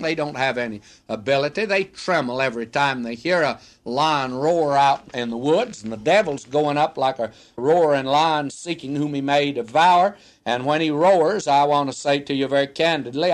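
Earnest, lively older preacher man. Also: a little high. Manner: earnest, folksy, pastoral. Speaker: radio Bible teacher. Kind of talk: radio Bible answer.

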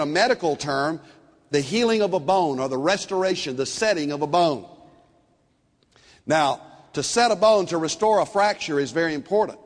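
An older man preaching a sermon, telling stories and swinging between soft, slow passages and loud, animated ones. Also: on the high side, big-room sound. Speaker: pastor.

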